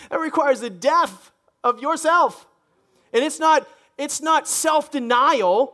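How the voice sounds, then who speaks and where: A pastor preaching a lively sermon, joking and acting out people's voices as he goes. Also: very high voice. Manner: animated, joking, acts out congregants' voices. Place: church stage.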